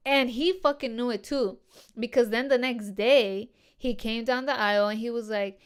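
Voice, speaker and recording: A woman with a fairly high, resonant, clear voice speaks at a normal pace with fairly even intonation. She hosts her own podcast and tells her listeners a personal story in casual slang, swearing heavily and calling them "dude" and "girls."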